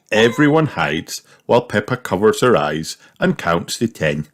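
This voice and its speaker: A man narrating a children's storybook aloud in an expressive, storytelling manner. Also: on the low side, unhurried, few pauses.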